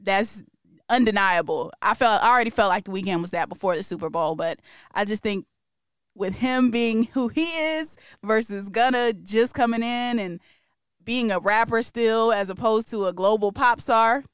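A woman hosting a casual music podcast, talking through the news with strong opinions and frequent laughs. Her voice sits a little high and sounds smooth and crisp. The sound is dry and close. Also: moderate pace, no room sound. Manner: chatty and opinionated, laughs often. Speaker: podcast host.

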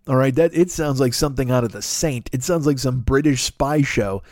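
A man's voice: mid-range voice, moderate pace, darkish tone, dry recording. A man hosting a podcast, talking in a rambling, profane, self-mocking comic monologue. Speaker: podcast host.

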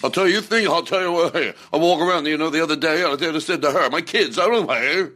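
A man impersonating a put-upon older comedian, rambling in rapid patter full of "I'll tell you.". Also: on the high side, bright, forceful tone, soft background music, pitched above the performer's own voice. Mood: complaining. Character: fast-talking put-upon older comic, male, nervous patter.

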